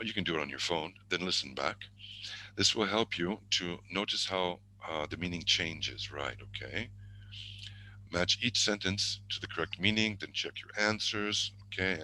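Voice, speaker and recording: A man teaching an online exam-prep lesson, speaking through a computer mic on a video call. His voice sits very low, yet it has a sharp, bright edge. He thinks aloud, drops into murmured asides and corrects himself mid-sentence. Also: low-quality recording.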